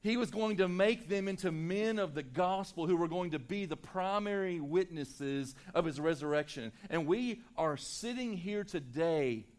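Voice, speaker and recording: A male pastor preaching a sermon to his church, swinging between loud, emphatic lines and hushed, quiet ones. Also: sits high. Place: church sanctuary.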